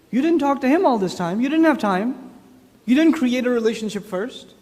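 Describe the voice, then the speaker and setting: Guy with a high voice giving a talk, casual, lots of questions to the crowd, big echoey hall. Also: lively intonation, brisk. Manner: conversational, with rhetorical questions to the audience. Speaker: speaker on parenting. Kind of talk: religious lecture to an audience.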